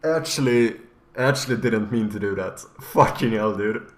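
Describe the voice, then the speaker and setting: A man chatting casually on a live stream while working on and playing a game, breaking into profane, excitable outbursts between calmer stretches. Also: fairly low pitch, moderate pace.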